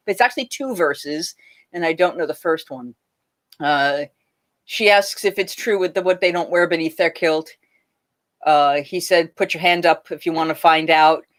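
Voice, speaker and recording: A woman and renaissance faire singer, singing bawdy folk songs and chatting with viewers on a livestream, reading out their comments between songs. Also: fairly low pitch.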